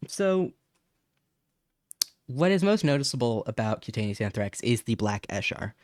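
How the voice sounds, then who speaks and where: A man's voice: mid-range voice, sing-song, normal speed, long pauses, no room sound, clean studio sound. A man hosting a casual educational livestream on bacteria, chatting, reading chat messages, laughing and stumbling over terms. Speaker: science streamer.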